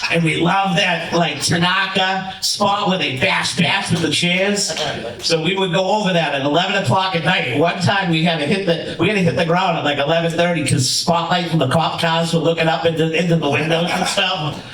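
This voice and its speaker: A man giving a rambling, animated storytelling speech at a ceremony in a lodge hall. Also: high-pitched, moderate pace. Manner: rambling, animated, many restarts. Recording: roomy hall from far off.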